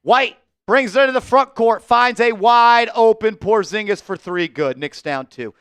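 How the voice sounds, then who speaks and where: A man hosting a fan live stream, calling plays and giving chat shout-outs, bursting into shouts and sing-song calls on big shots. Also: high voice, normal speed, clean tone, no room sound. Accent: New York. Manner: shouts and sings-along on made baskets, then calmer commentary.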